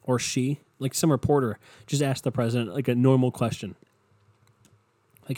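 A man's voice: medium pitch, fairly even intonation, normal speed, pauses often, dark tone, dry recording. A young adult man hosting his own podcast alone, rambling casually with profanity and sarcasm and acting out quoted voices, sounding worn out. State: tired, worn out. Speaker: solo podcast host.

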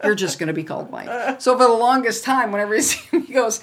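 A woman co-hosting a podcast tells stories in casual chat, animated and acting out the quotes. Her voice is high and a little fast.

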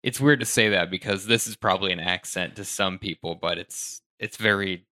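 A man's voice: low voice, moderate pace, bright, forceful tone, no echo, clean studio sound. A man with a Western American accent hosting a casual chat, curious and asking follow-up questions.

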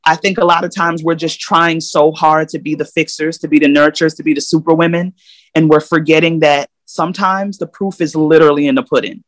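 A woman's voice: deep voice, fairly even intonation, fairly quick, no room sound. Woman podcast guest, candid and emphatic, talking casually on a dry, close mic. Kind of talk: casual interview.

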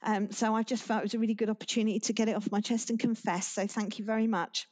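A woman guest on a podcast, telling a long, rambling anecdote in relaxed conversation, with restarts and laughter. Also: medium pitch, fast. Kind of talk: casual interview chat.

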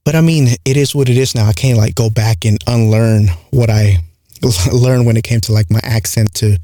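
A man with a light accent talks through a casual solo podcast, his voice mellow and dark. He rambles and leans on fillers, recorded close and dry in a small home room with no echo. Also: medium pitch, fairly even intonation, normal speed. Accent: light non-native English accent. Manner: rambling, frequent "like" and "right?" fillers. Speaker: podcast host. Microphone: close studio mic with compressor.

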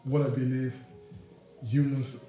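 Mellow-voiced man, philosophical and unhurried, echoey room, faint music. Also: medium pitch, level tone. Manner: reflective, philosophical, searching for words. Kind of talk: casual chat.

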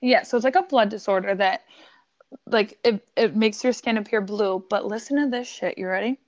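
A woman from Buffalo, New York, telling a story in casual podcast chat, animated and swearing, laughing often. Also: mid-range voice, normal speed, muffled recording.

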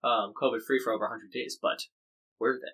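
American man, podcast host, casual news chat, rambling and jokey, bright tone. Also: mid-range voice, steady tone, fairly quick, breathy edge, rough recording. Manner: chatty, jokey, rambling explainer.

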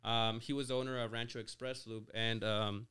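A man's voice: mid-range voice, flat delivery, normal speed, bright, forceful tone, clear, resonant tone. A man in his twenties from Mexico, a podcast guest telling his story in a casual chat, full of "like" and "you know" and restarted words. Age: 20s. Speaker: podcast guest, auto shop owner.

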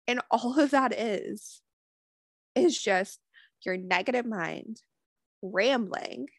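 A woman with a fairly high voice gives a unhurried spiritual talk, her words drawn out and loose. She swears freely and fills her sentences with "like". The sound is dry and close, with no room around it. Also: dry recording. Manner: casual, profane, many "like" fillers.

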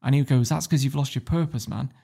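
A man's voice: medium pitch, steady tone, fast, gravelly, mellow, husky. A man telling a story as a podcast guest, blunt and swearing freely, laughing as he goes. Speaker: guest entrepreneur. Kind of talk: casual storytelling.

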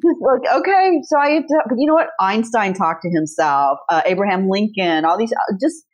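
A woman's voice: mid-range voice, lively intonation, moderate pace. A woman author, a podcast guest, telling stories in a casual chat, blunt and swearing freely. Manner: brash storyteller, blunt and swearing.

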